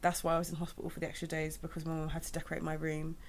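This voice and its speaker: A woman's voice: low-pitched, monotone, very fast. A young woman chatting candidly, rambling with many restarts. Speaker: guest sharing her birth story. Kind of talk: casual chat.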